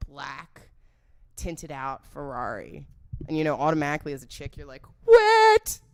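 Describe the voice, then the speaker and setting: A young woman hosts her podcast, spinning an unfiltered story with plenty of swearing and jokes. Her voice sits on the low side for a woman, but it swoops up and down all the time. She keeps the feel loose and conversational. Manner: animated, profane and joking. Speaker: podcast host.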